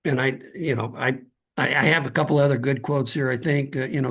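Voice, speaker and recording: A man's voice: mid-range voice, fairly even intonation, a little fast, fairly bright tone, husky. A middle-aged man, a guest author, earnestly telling a personal story in conversation and often repeating words as he starts a thought.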